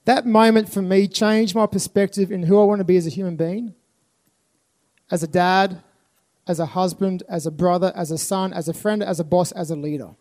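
High-voiced earnest man. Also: fairly even intonation, normal speed, a little mellow. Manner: earnest, repetitive emphasis. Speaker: speaker at a youth festival. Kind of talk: live motivational talk. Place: live event venue with an audience.

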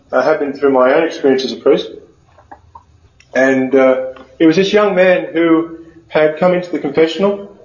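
A man, a Catholic priest, telling stories in a conversational sermon, often pausing on fillers and restarting. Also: on the high side, darkish tone. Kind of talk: storytelling sermon. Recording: dull, echoey room.

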